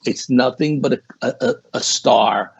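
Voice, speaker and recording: A man's voice: medium pitch, a little slow, creaky, husky, no echo. A man, a guest on a podcast, telling a story in a casual, rambling way and saying 'you know' often. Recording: dull lo-fi sound.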